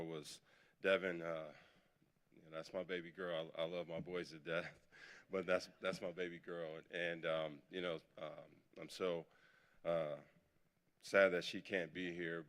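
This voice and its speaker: A middle-aged man, a new head coach, speaking haltingly with many fillers at a press conference. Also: very deep voice, a bit bright.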